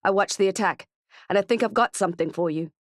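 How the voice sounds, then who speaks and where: A woman voicing Keke, a tough, frantic female friend who talks bluntly and swears, in a dark thriller audiobook. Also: mid-range voice, quick pace, no room sound, studio quality, close to an everyday voice. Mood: urgent.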